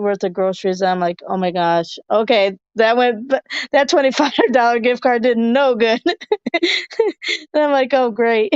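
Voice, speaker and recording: A woman's voice: medium pitch, darkish tone, smooth, no echo, muffled recording. Chatty, giggly woman podcast host. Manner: chatty, laughs often, many fillers. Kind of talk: casual chat reading viewer comments. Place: hotel room.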